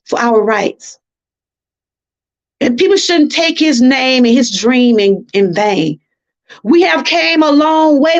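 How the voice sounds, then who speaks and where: A woman from Georgia, hosting a livestream and talking to viewers in an impassioned, preachy way. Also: sits high. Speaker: livestream host. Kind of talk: emotional livestream talk. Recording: dull lo-fi livestream audio.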